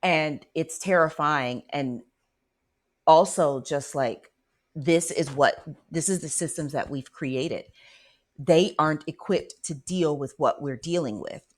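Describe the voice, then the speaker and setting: A woman hosting a spiritual radio show, telling a personal story in an animated, dramatic way and often checking in with her listeners. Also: low-pitched, takes it slowly.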